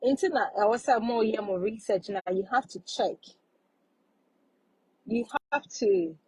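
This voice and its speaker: A woman's voice: fairly high pitch, normal speed, mellow, husky, no room sound, rough recording. A woman hosting a casual live stream, giving advice and repeating her points for emphasis.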